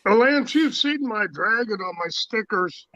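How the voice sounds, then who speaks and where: Chatty man in casual stream talk, high and bright, dry close sound, dull lo-fi audio. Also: lively intonation, a little slow, no room sound. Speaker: livestream chat participant. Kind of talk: casual chat.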